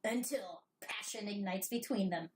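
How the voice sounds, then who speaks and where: A woman's voice: medium pitch, moderate pace, slight background noise. A woman hosting a casual podcast chat who reads book blurbs aloud with playful emphasis and frequent giggles. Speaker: podcast host.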